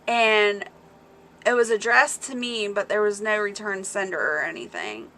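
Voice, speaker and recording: A woman hosts a relaxed livestream, reading her viewers' chat and answering it aloud while rambling through stories and laughing often. Her mid-range voice is bright and forward, her pace easy and unhurried. A faint hum runs beneath her voice.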